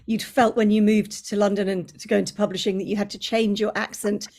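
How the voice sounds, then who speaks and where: A woman's voice: medium pitch, level tone, fairly quick, a little mellow. A woman who hosts an online talk club and asks an author questions in a chatty way, laughing along. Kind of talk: interviewer questions.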